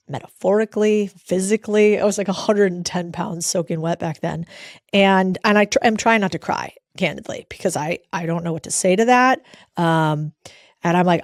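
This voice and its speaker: Candid animated American woman storyteller. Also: fairly low pitch, a little fast, dry recording, studio quality. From United States. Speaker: speaker sharing career story. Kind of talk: motivational storytelling.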